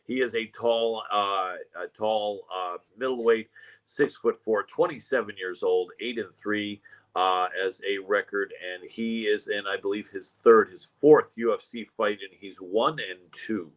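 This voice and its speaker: A man's voice: fairly low pitch, measured pace, poor audio. A man hosting a sports podcast, chatty and jokey as he runs through upcoming fights. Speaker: podcast host. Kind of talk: casual MMA podcast chat.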